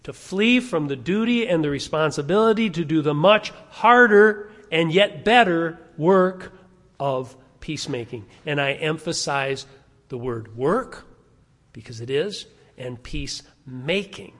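A man's voice: a little high, lively intonation, a little slow, fairly bright tone. A man preaching a sermon as pastor, speaking emphatically and stacking rhetorical questions. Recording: long reverb of a large hall.

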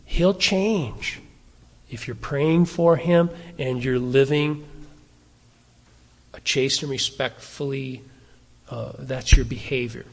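A man's voice: medium pitch, takes it slowly, pauses often. Man preaching in a reverberant hall. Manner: conversational preaching with asides and rhetorical questions. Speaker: pastor. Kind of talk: sermon.

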